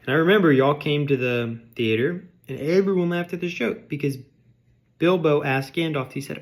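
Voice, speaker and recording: A man's voice: a little high, normal speed. A man delivering a comedic rant, mock-outraged and sarcastic, insulting his audience. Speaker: vlogger.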